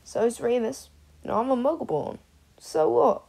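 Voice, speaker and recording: Woman doing a snappy teen girl, no nonsense, husky and gravelly. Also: fairly high pitch, a little slow, dark tone, voice pushed up, exaggerated voice. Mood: blunt. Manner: blunt, snappy. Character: sharp-tongued teenage schoolgirl.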